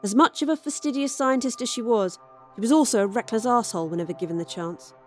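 A woman's voice: on the high side, fast talker, soft background music. A woman reading a first-person sci-fi horror story aloud as storyteller, in a wry, dry tone. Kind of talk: scripted horror story narration.

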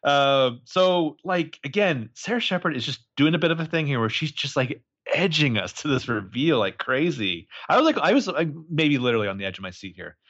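A man chatting casually on a podcast, retelling a story with a lively, swooping delivery. He jumps into high voices whenever he quotes someone. The sound is muffled and lo-fi. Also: brisk, hardly any pauses, no echo. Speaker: podcast co-host recapping a novel. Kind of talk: casual chat.

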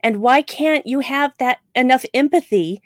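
Woman cohost, a bit high voice, fired up and emphatic, dry close sound. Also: normal speed, no room sound. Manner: impassioned, emphatic. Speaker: podcast co-host. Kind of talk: casual chat.

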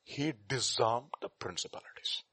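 A man preaching an animated sermon, acting out scenes and shifting between loud outbursts and quiet asides. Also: mid-range voice, moderate pace, a little hiss or hum. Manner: dramatic, acts out scenes with shouted voices.

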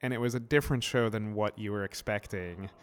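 Male host, low resonant voice, relaxed, asks thoughtful questions. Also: a little fast, smooth. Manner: easygoing, asks reflective questions. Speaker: podcast host. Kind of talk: casual chat. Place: studio.

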